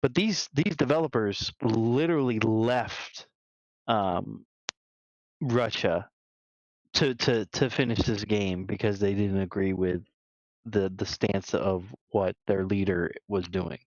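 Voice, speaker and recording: A man's voice: fairly low pitch, takes it slowly, no room sound. A man co-hosting a gaming podcast, talking casually in a rambling way, full of restarts and "you know.". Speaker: podcast co-host. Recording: dull lo-fi dry sound.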